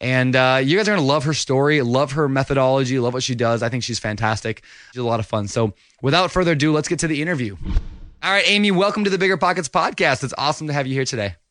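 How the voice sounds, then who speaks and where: A man's voice: medium pitch, quick pace, fairly bright tone, no room sound, studio quality. A man hosting a podcast interview, talking in an upbeat, playful, chatty way. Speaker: podcast host.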